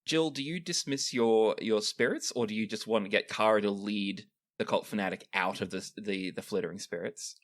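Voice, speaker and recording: A man narrating a tabletop game as game master, with lively storytelling and frequent restarts. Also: on the low side, a little fast, hardly any pauses.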